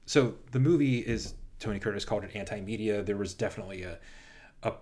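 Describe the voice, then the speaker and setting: A man in casual film discussion, animated and quick in bursts, often restarting his sentences. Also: fairly low pitch.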